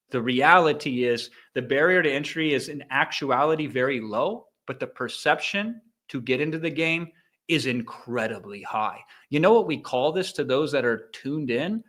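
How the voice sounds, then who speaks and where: Animated, emphatic American man, higher-pitched. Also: moderate pace. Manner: animated, emphatic, mimics sound effects. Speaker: guest speaker on a live business training. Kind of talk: energetic motivational teaching.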